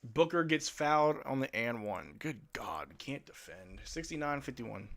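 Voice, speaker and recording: A man's voice: mid-range voice, big pitch swings, measured pace, fairly bright tone. A male live-stream host giving casual fan play-by-play commentary in a blunt, exasperated, slangy way.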